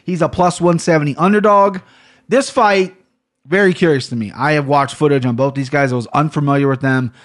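A man's voice: fairly high pitch, fairly quick. Chatty male podcast host. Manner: chatty, self-correcting, rambling. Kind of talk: casual sports betting podcast chat. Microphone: headphones on a studio setup.

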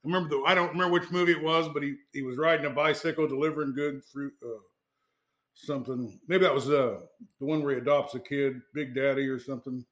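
A man hosting a casual interview, talking in a relaxed, halting way with plenty of pauses. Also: medium pitch. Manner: relaxed, halting, lots of fillers. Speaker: host.

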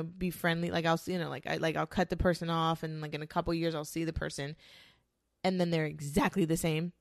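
A woman's voice: on the low side, vocal fry, no room sound, clean studio sound. A woman hosting a podcast, talking in a blunt, emphatic, swear-heavy monologue. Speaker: podcast host. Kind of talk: casual monologue.

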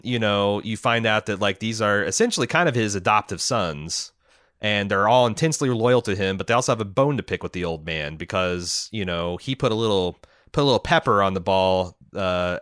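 A man's voice: lowish voice, moderate pace, a bit bright, clean tone, no room sound, studio quality. A man co-hosting a casual film discussion, rambling and enthusiastic, with many restarts. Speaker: podcast co-host.

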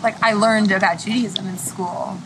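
A young woman in her twenties giving hesitant, casual answers in a street interview. Her voice sits at a middle pitch. Street noise is clearly audible behind her. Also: steady tone, normal speed. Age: 20s.

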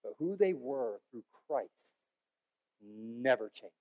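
A man preaching a sermon as pastor, with joking, rambling asides and sudden loud bursts between quieter stretches. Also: medium pitch, animated, slow pace, narrow, tinny audio.

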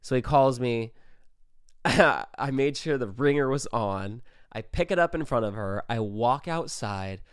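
Animated young man telling a story. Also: medium pitch, clear, resonant tone, no echo, clean studio sound. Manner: animated, profane, quick asides. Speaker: vlogger. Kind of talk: casual storytelling.

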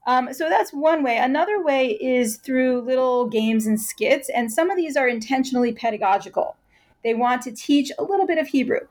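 A woman answering interview questions at length, explaining patiently and turning lively when she imitates chants. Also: high-pitched, moderate pace. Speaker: guest expert.

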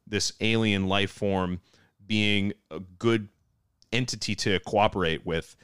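A man's voice: lowish voice, slow pace, a bit bright, clean tone, dry recording, studio quality. A young man co-hosting a podcast, adding wry, wordy commentary full of colorful turns of phrase. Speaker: podcast co-host. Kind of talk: casual chat.

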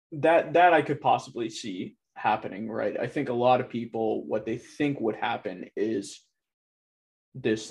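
A man's voice: mid-range voice, darkish tone. Casual, filler-heavy man. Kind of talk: casual discussion.

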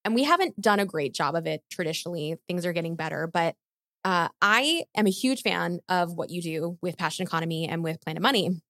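A woman's voice: on the low side, a little fast, fairly bright tone, dry recording, studio quality. A woman asking a question in an earnest, effusive way. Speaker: audience member asking a question. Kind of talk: conversational question.

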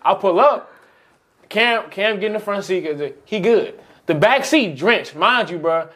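A man's voice: sits high, animated, a little slow, a bit bright. A man in casual, crude podcast banter, telling a long slangy story and laughing as he goes.

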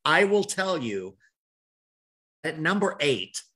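A man co-hosting a podcast with a bright, slightly husky voice that swings widely in pitch. He teases his partner in casual chat with dry, mock-dramatic asides. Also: sing-song, takes it slowly. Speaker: podcast co-host.

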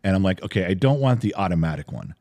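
A middle-aged man co-hosting a podcast, telling a story in casual chat, animated and swearing freely. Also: low voice, fast talker. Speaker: podcast co-host, father.

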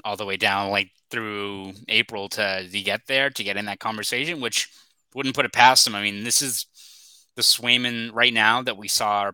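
Sports podcast cohost guy, lowish voice but really bright, dry close sound. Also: steady tone, normal speed, smooth, no room sound, low-quality recording. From Boston area. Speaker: podcast co-host. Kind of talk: casual sports talk.

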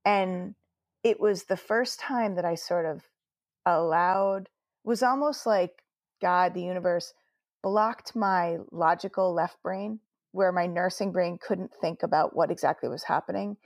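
A woman's voice: fairly low pitch, a little slow, no room sound, studio quality. A woman, a nurse telling her story earnestly in an interview, quoting her own words along the way. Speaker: guest nurse.

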